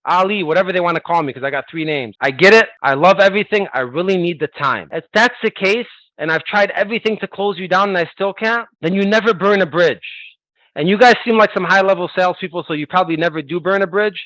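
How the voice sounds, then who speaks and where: Man, sales coach, high voice, rapid delivery, persuasive, dry lo-fi recording. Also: dry recording. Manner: energetic, persuasive, role-plays sales calls.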